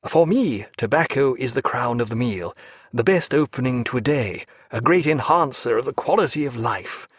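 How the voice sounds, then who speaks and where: A man's voice: mid-range voice, lively intonation, moderate pace, husky, no room sound, clean studio sound. A man voicing a polite, wry male ship's doctor in an audiobook, speaking courteously and unhurriedly.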